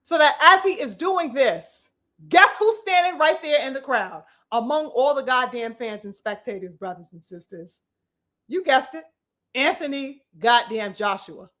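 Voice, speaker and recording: Woman live-stream boxing commentator, high bright voice, animated and profane. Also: unhurried. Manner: animated, profane, addresses viewers as brothers and sisters.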